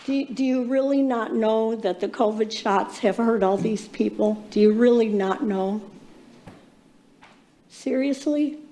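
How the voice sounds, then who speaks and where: Woman, fairly high voice, impassioned and accusatory, rambling at a council podium. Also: a little slow, warm tone. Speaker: public commenter. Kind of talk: public comment at a council meeting.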